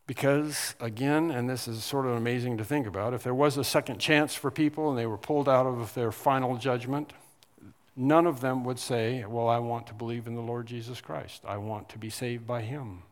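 A man preaching a sermon in an earnest, conversational way, pressing hard on key words before dropping back to a quieter tone. His voice carries a long hall reverb around it. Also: medium pitch, fairly even intonation, normal speed. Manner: earnest, rises to emphatic stress on key words, with frequent restarts.

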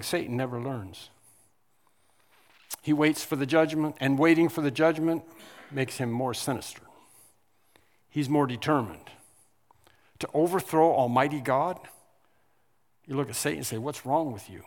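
Earnest preacher man in a reverberant hall. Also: mid-range voice. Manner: earnest, rises to emphatic stress on key words, with frequent restarts. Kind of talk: sermon.

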